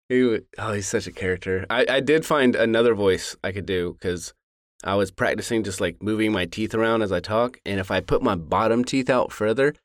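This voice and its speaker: A man's voice: on the low side, normal speed, no echo, clean studio sound. A man co-hosting a podcast in casual chat, laid-back and profane, laughing often. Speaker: podcast co-host, voice actor.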